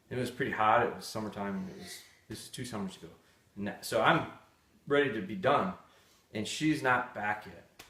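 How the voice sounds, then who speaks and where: In an echoey room, a man hosts a live dog-training session, answering viewer questions in a candid, blunt, storytelling way. His voice is fairly low in pitch with a fairly bright tone.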